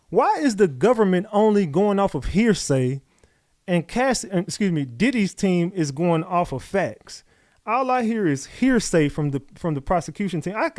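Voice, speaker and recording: A man with a New York accent commenting live on a trial, reading updates aloud and talking to his chat in a profane, animated way. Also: high voice, no room sound, studio quality. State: out of breath. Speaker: livestream commentator.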